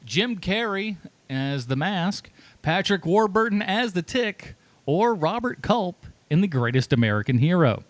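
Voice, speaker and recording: A man's voice: high-pitched, sing-song, a little slow, dry recording. A man hosting a casual movie podcast, reading out award categories playfully. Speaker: podcast host.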